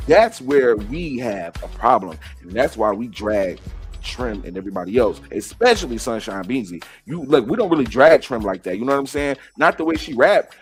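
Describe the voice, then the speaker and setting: Profane ranting male live-stream host. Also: on the high side. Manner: profane, heated, talks straight to viewers.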